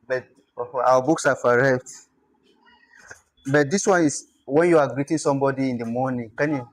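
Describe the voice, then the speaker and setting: A man teaching a language class, explaining patiently and repeating words slowly. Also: medium pitch, dry recording. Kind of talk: classroom lesson.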